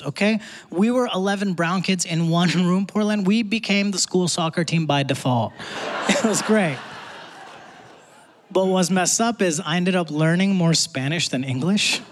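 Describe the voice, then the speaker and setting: A man performing a stand-up comedy set on a theater stage, talking in a punchy, conversational way with asides to the crowd. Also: high voice. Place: theater stage before a live audience. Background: audience laughter and faint room noise.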